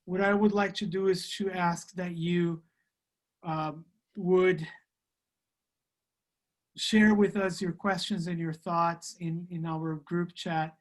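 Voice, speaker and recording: Slow, careful male interpreter reading scripture and translating a church class over a video call. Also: high-pitched, steady tone. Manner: careful, hesitant, with many fillers.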